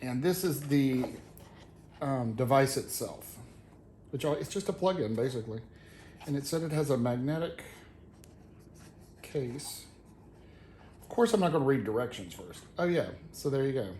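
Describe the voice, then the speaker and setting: A man's voice: medium pitch, animated, moderate pace, pauses often, darkish tone. A man hosting his channel, casually chatting through a product unboxing in an easygoing, rambling way with loose fillers. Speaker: product reviewer and channel host. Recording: roomy echo, faint background noise.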